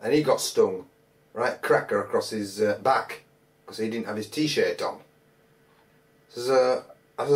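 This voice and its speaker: A man's voice: medium pitch, fairly even intonation, measured pace, pauses often, darkish tone, recorded from a distance. A man telling a casual, rambling anecdote as a metal detecting vlogger, full of colloquial phrases and hesitant restarts. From England.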